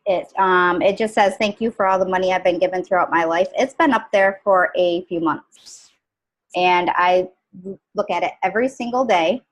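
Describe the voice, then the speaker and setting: A young adult woman telling a personal story in a halting, casual way, with many pauses and fillers. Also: fairly low pitch, rough recording. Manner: halting, many ums and restarts. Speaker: guest sharing a story.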